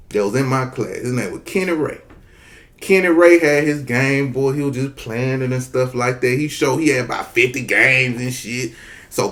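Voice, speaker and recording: Animated profane man telling a story. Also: mid-range voice. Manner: animated, profane, acts out voices. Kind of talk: casual comic storytelling.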